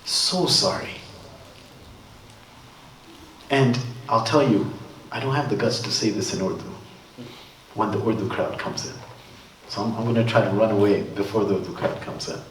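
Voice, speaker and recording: A man's voice: on the low side, moderate pace, a bit bright, recorded from a distance, slight background noise. A man giving a sermon at a religious gathering, talking in a casual, joking way while telling stories. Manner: conversational, joking storytelling. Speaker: religious speaker. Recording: roomy hall from afar.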